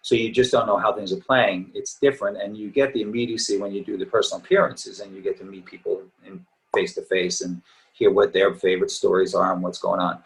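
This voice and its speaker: A middle-aged man with a fairly low voice talks as a guest in a relaxed interview. He rambles in an easygoing, reminiscing way, and his voice sounds a little tired. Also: fast talker, gravelly, low-quality recording. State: slightly tired voice. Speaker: actor guest. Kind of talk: casual interview chat.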